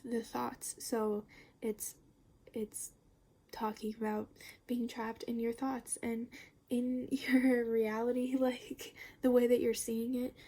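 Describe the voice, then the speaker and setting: A woman's voice: on the high side, little pitch movement, takes it slowly, warm tone. Rambling young woman tarot reader. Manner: chatty, rambling, full of fillers and swearing. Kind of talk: casual tarot reading.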